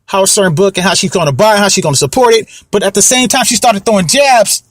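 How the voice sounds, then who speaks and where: A man's voice: high voice, fast, no room sound, clean studio sound. A young man hosting a casual commentary podcast, rambling and repeating himself, often asking if you know what he means. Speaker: podcast host.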